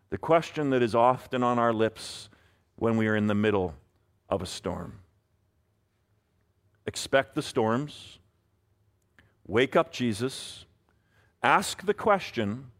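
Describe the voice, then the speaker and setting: A man's voice: fairly high pitch, fairly bright tone. A man preaching a sermon as pastor, earnestly voicing pleading prayers.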